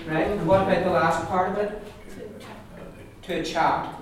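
A man teaching a pronunciation class, patiently repeating words slowly for learners. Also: a little high. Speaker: Irish language teacher. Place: classroom with students. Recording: echoey classroom from far off, group around.

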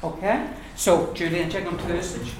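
A language teacher with a mid-range voice speaks at a moderate pace, patiently explaining pronunciation to a class of learners and repeating words many times. The mic is distant, and the room is very echoey and noisy.

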